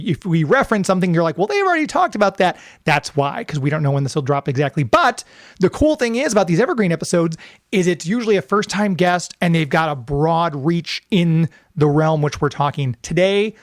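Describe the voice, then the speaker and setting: A man's voice: a little high, no echo, clean studio sound. A man co-hosting a podcast over a video call, talking in a playful, theatrical, old-fashioned way. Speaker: podcast co-host. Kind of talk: casual podcast chat.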